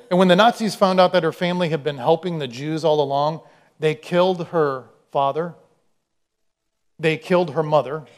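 High-voiced pastor preaching conversationally. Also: male voice. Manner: conversational, storytelling, acts out quoted voices. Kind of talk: sermon.

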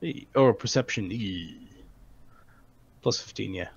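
A man playing in a tabletop game, chatting casually with halting, self-correcting speech, recorded on a dull lo-fi mic. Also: on the low side, vocal fry, breathy edge. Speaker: player.

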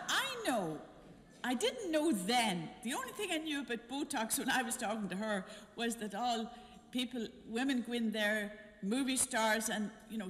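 An older nun telling a personal story to a congregation, acting out the dialogue as she goes. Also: on the high side. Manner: animated, acts out dialogue in her story. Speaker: visiting nun giving a mission talk. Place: church. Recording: church hall reverb.

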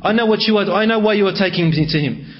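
A man voicing a terrified young man who pleads in fear, his voice rising high. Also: quick pace, dull audio, natural voice. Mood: pleading. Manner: pleading, pitch rising in distress.

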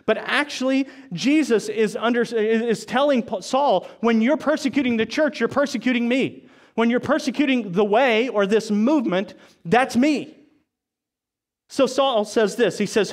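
Pastor guy with a high voice, preaching in church, chatty asides between verses. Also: measured pace. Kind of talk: sermon. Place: church service.

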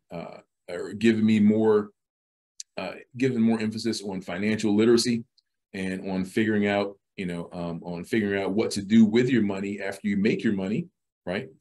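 A man's voice: lowish voice, fairly even intonation, moderate pace, darkish tone. A middle-aged man as a podcast guest, talking casually with many restarts and repeated words. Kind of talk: casual interview talk.

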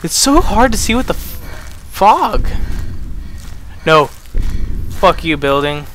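A young man talks his way through a horror game with a bright, edgy voice that sits a little high. He curses at his character and admits how scared he is. A faint hiss of noise runs under the recording. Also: sing-song, slow pace. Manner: jumpy and profane, yelling at the character, screaming at scares. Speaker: gameplay commentator.

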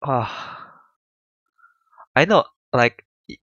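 A man's voice: medium pitch, animated, drawn-out words, bright, forceful tone, no echo, highs cut off. A young man streaming a visual novel, reacting emotionally and apologizing often as he plays. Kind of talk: let's play commentary.

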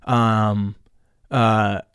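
A man's voice: fairly low pitch, level tone, extremely slow, fairly bright tone, clear, resonant tone, no echo, studio quality. A young adult man, a podcast host, telling a personal story in a casual, rambling way, swearing often and slipping in sarcastic asides.

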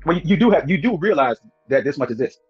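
A man's voice: a little high, animated, fast talker, husky, muffled recording, soft background music. A man hosting a live stream, pressing a guest with probing questions and cutting in to challenge her. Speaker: host.

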